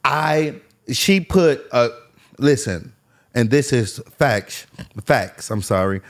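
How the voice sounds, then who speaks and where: A man's voice: medium pitch, lively intonation, slow pace. A man as a podcast guest, earnestly telling his life story and repeating phrases for emphasis. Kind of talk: candid personal story.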